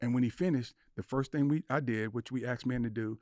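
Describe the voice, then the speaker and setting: A man's voice: medium pitch, fairly quick, darkish tone, no room sound, clean studio sound. A man in his sixties, a podcast guest, talking earnestly in a casual conversation and acting out quoted dialogue. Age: 60s.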